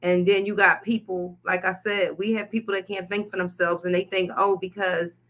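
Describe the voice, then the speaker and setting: A woman co-hosting a casual talk show, speaking in an animated, outspoken, slangy way. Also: mid-range voice, fairly quick. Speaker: co-host. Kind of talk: casual chat.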